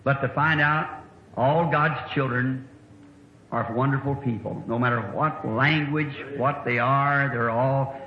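Folksy preacher on an old tape. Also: male voice, mid-range voice, steady tone, a little slow. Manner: folksy, rambling anecdotal preaching. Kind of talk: sermon storytelling. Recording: echoey, dull old sermon recording with faint hiss.

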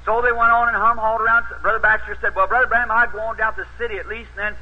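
A man's voice: high voice, little pitch movement, rapid-fire. A male preacher telling a story in a sermon, folksy and homespun, rising into emphatic urging. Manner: folksy, rises to emphatic exhortation. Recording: dull, husky old tape recording.

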